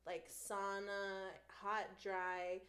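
A young woman on a podcast telling stories in casual chat, giggling often and getting animated. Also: medium pitch, extremely slow. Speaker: podcast guest.

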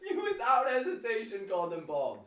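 A man chimes in on a casual podcast with laughs and quick reactions. His voice is high and lively, heard a little off-mic in an echoey room. Chatter murmurs behind him. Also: distant mic. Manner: reactive listener, laughing, short interjections. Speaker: podcast co-host.

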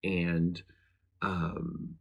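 A man's voice: deep voice, little pitch movement, very slow, slightly rough, highs cut off. A man who is a law enforcement chaplain and podcast host, talking casually to the camera in an earnest, meandering way with frequent restarts.

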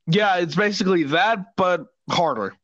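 A man's voice: high-pitched, moderate pace, a bit bright, no echo. A young man hosting a podcast in casual chat, crude and jokey, swearing a lot. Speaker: podcast host. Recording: dull lo-fi sound, dry.

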